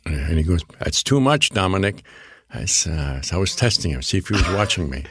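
A man's voice: extremely low pitch, quick pace, slightly rough, no echo, studio quality. An older man with a Bronx accent, an actor telling rambling stories in an interview, full of restarts and acted-out quotes. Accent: New York Bronx. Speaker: guest actor. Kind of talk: storytelling interview.

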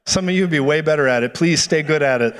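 A man preaching a sermon, telling stories animatedly and then speaking prophetic declarations more softly. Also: fairly high pitch, clear, resonant tone. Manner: animated storytelling, quick asides and laughs; prophetic declarations, softer and slower. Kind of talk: sermon with storytelling.

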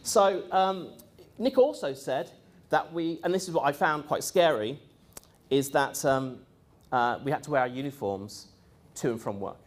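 A man's voice: a little high, unhurried. A man recounts events in loose, chatty storytelling. He wanders, restarts and fills gaps with ums and uhs. He slips into other people's voices when he quotes them. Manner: rambling, lively, quotes others in voices, frequent fillers. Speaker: speaker recounting experiences. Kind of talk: casual storytelling talk.

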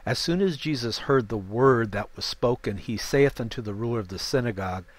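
A man's voice: mid-range voice, a little fast. A man leading a Bible study, reading King James verses aloud and breaking in with informal, chatty asides. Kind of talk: scripture reading with casual commentary.

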